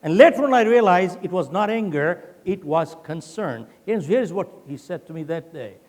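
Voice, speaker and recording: An older man from India gives a motivational keynote in a large conference hall, telling a story with acted-out quotes. His voice sits high and is a little mellow, with lively intonation and a moderate pace. Long hall reverb colors the recording.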